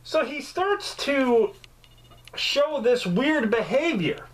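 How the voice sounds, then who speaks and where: Animated, profane man reviewing a movie. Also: extremely high pitch, takes it slowly, poor audio. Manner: profane, joking, animated storytelling. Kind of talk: casual movie review vlog.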